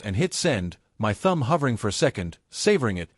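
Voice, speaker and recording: A man narrating a first-person family drama story in an even, steady storytelling read. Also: fairly low pitch, fairly quick, husky, no room sound, clean studio sound.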